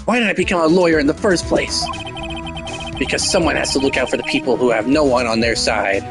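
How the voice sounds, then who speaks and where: A man's voice: medium pitch, brisk, close to an everyday voice. A man voicing an earnest, determined young male defense lawyer in inner monologue, over game music. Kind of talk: voice acting a game playthrough.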